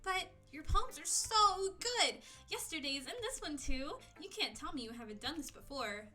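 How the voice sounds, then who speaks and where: A bubbly, clingy teenage schoolgirl, as a woman puts her on while reading a visual novel aloud on stream. The voice rides high and bright with a sharp, tense edge, squealing and excitable. Faint music plays underneath. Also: fast talker.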